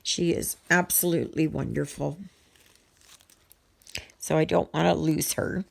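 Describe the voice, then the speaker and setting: A middle-aged woman vlogger chats casually to her viewers while stitching, rambling along with lots of ums and restarts. Her voice is low, steady, unhurried, and creaky.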